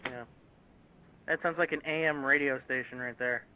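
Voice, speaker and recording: A man's voice: mid-range voice, fairly even intonation, moderate pace, no echo. Man leading a chat on a tinny line. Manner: steers the talk, asks the others questions. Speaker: podcast host. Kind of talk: casual chat.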